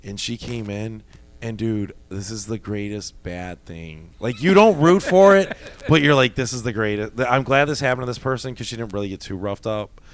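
A man in his thirties, a former bouncer, telling a wild story in casual chat and acting out the quotes loudly. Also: fairly low pitch, moderate pace. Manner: animated, profane, acts out quotes with loud jumps.

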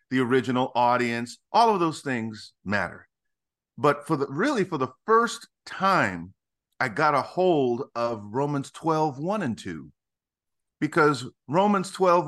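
A middle-aged man, a ministry founder, talking as a guest in a podcast interview with emphatic, animated, preacherly storytelling. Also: mid-range voice.

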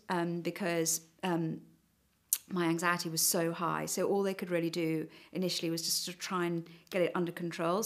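A middle-aged woman giving a hesitant, reflective personal account in conversation, with frequent fillers. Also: on the low side. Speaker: interviewee.

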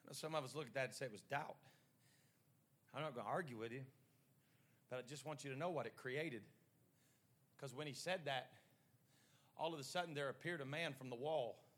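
A man preaching a sermon in short rhythmic phrases that build to shouting. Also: mid-range voice, fairly quick, pauses often.

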